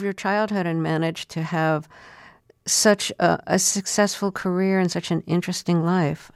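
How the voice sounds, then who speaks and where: An interviewer asking gentle, probing follow-up questions. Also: mid-range voice, steady tone, a little slow, clean tone, no echo, studio quality.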